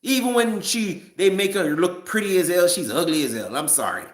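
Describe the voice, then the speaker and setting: A man's voice: high voice, expressive, normal speed, reverberant. A man giving a casual, rambling opinion rant to a live chat, stumbling and restarting often. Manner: rambling, frequent restarts and stammers. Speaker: live-stream commentator.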